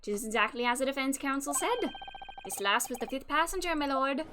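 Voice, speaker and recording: A woman's voice: high voice, animated, a little fast, noisy background. A woman doing a chatty old man with an Irish brogue. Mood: folksy, chatty. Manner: colloquial, storytelling lilt. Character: jovial older man with a folksy Irish brogue. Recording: game music playing behind.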